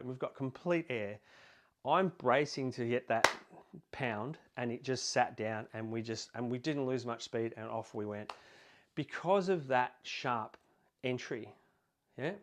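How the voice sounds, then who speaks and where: A man with an Australian accent, explaining boat handling casually through anecdotes, rambling with fillers and restarts. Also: medium pitch. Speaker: boating instructor.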